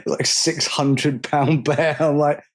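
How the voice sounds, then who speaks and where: Man on a podcast, slightly higher voice, laughs a lot and acts out the quotes in his stories. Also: fairly even intonation, slow pace. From England. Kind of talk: casual podcast chat.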